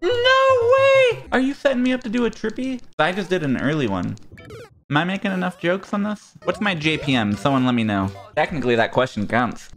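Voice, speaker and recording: A man's voice: a little high, sing-song, quick pace, soft background music. A young man giving casual, self-mocking commentary while playing a platform game, yelping and swearing at his failures. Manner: sarcastic, self-mocking, yelps at fails. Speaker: gaming streamer.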